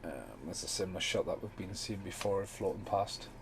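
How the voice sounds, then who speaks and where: A man's voice: low voice, steady tone, brisk, a little hiss or hum, rough recording. Rambling, sweary man. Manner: rambling, sweary, loose chatty delivery. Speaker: podcast host. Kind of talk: casual film commentary.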